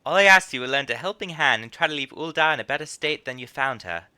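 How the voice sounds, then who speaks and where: A man's voice: medium pitch, lively intonation, fast talker, bright, forceful tone, clear, resonant tone, voice pushed up. A man voicing a chatty female innkeeper who runs a guild, reading her lines in a drawl that drifts between put-on accents. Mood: folksy, storytelling.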